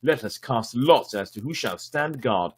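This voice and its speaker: A man's voice: medium pitch, animated, unhurried, slightly rough. A man voicing a bold young peasant hero in a storybook tale, proud and commanding.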